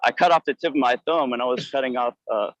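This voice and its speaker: A man calling in to a live comedy show on a headset, telling a reckless work story in an excitable, casual way. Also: medium pitch, no room sound, lo-fi sound. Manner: fast, excitable anecdote telling. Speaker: caller.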